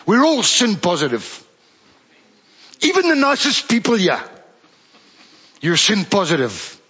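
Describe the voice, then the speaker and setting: A male pastor with a South African accent preaching a sermon, moving between joking banter and quiet, drawn-out emphasis. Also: high-pitched, wildly swooping pitch, husky, lo-fi sound. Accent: South African English. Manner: swings from playful banter to hushed, slow emphasis.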